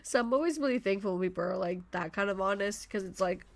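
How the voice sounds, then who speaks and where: A woman's voice: mid-range voice, fast. Passionate, rambling woman podcaster. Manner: effusive, passionate, rambling with self-interruptions. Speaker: podcast host. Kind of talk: motivational solo podcast talk.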